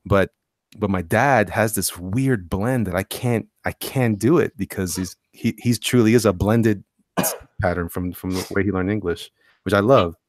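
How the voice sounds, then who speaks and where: A man co-hosting a casual podcast chat, telling rambling, animated stories. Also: on the low side, a little slow, no echo, studio quality. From Tampa, Florida. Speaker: podcast co-host.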